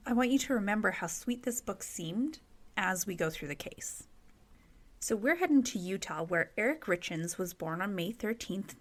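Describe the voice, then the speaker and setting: A woman hosting a true crime podcast, telling stories in a chatty, expressive way and leaning on casual fillers. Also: mid-range voice. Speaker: podcast host.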